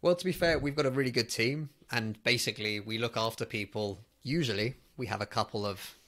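A man's voice: medium pitch, fairly quick, fairly bright tone. A man hosting a digital marketing podcast, giving earnest, emphatic advice in casual conversation. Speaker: podcast host.

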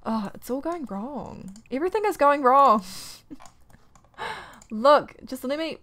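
A young woman giving casual let's-play commentary, exasperated and ranting, often breaking into quick laughs. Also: high voice, lively intonation, sharp tone. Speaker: gaming YouTuber.

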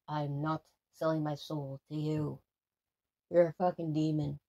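A video host speaks to the camera in a casual paranormal challenge vlog, excitable and dramatic and swearing freely. Her voice is low and her delivery a little slow.

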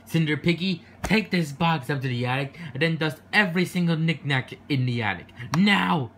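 A man's voice: on the high side, animated, moderate pace, vocal fry, slight background noise, voice pushed up. A man voicing a strict, bossy head of the household who barks orders and scolds, in a homemade toy skit.

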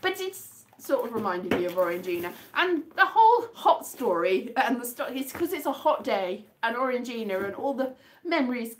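A woman's voice: a little high, noisy background. A woman from the UK chatting casually in a vlog, rambling and amused with herself as she guesses mystery items by touch. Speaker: vlogger.

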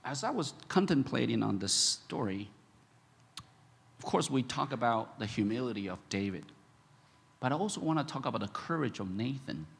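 A man preaching a sermon as pastor, halting with many fillers and restarts, then bursting into animated emphasis. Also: medium pitch, gravelly, breathy edge. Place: church sanctuary. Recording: echoey church hall.

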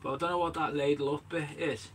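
Bright-voiced man chatting live. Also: on the high side, fairly even intonation, fast talker, slight background noise. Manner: chatty, calls viewers mate, reads out and answers live chat. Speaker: angler streaming live from his bait shop. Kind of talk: live stream chat while working. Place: small bait and tackle shack, indoors.

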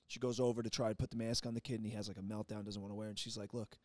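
Fast-talking young man telling a story. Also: fairly low pitch, no room sound. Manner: animated storyteller, swears freely. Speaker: podcast co-host. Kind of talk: casual chat.

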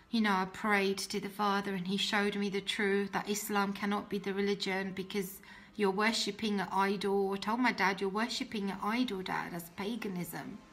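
Bright-voiced woman telling her story earnestly. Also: mid-range voice. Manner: earnest, emotional, drops soft and quiet when quoting herself. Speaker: guest telling her testimony. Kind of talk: personal testimony, storytelling.

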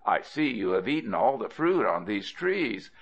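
A man's voice: fairly low pitch, big pitch swings, normal speed, muffled recording. A man reading a storybook and voicing a big, dim, cunning male crocodile who talks in a wheedling, sweet-talking way.

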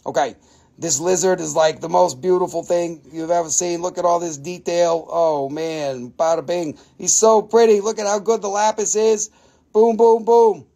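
A man's voice: high-pitched, steady tone, normal speed, gravelly, warm tone. A man hosting a live crystal sale, joking, swearing and haggling over prices in casual talk. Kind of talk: casual live sales stream.

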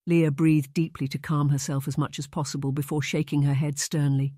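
A man narrating a historical romance audiobook in a measured, even storytelling manner. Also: a little high, dry recording, studio quality. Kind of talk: scripted narration.

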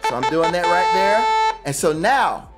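A man who plays the talk box, a guest explaining it in casual, enthusiastic talk with relaxed slang. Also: high voice, unhurried, loud music behind the voice.

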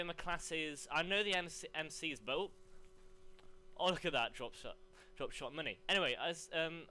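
A young man commentating live on his gameplay, rambling between chat and excited yelps. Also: fairly high pitch, a little hiss or hum. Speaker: gaming commentator.

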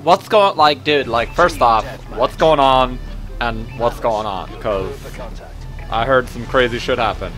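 A young man talks over a gaming headset in a mid-pitched voice, trolling strangers with straight-faced nonsense. His banter is loose, sweary and full of "dude". Game music plays faintly underneath. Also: measured pace, a bit bright. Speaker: gaming channel host trolling players. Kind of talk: casual gameplay commentary with prank banter.

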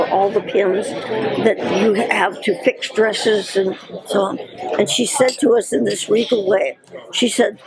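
Older woman in her nineties, reminiscing, animated storytelling, frequent laughs, crowd noise behind. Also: mid-range voice. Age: 90s. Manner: lively storyteller, laughs often. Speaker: interviewee recalling her career.

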